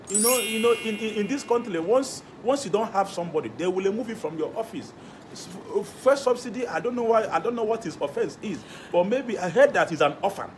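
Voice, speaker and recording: A man's voice: high-pitched, lively intonation, fairly quick, slight background noise. A young man with a Nigerian Igbo accent, boasting and rambling in a comedy skit.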